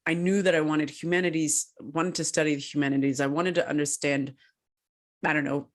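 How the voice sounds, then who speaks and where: A woman co-hosting a podcast who tells her story in a casual way, animated and laughing often. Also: low voice, brisk. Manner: animated, laughs often, acts out quoted voices. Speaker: podcast co-host and researcher.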